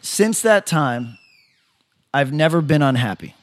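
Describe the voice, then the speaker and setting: A man's voice: fairly high pitch, lively intonation, measured pace. A man co-hosting a podcast, talking in brash, profane, joking banter. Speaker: podcast co-host. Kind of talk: casual crude podcast banter.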